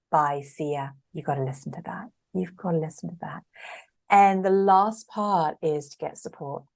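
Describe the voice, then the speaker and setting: A woman's voice: low voice, a little mellow. A woman coach talking in a casual podcast interview, earnest and emphatic, repeating words for stress.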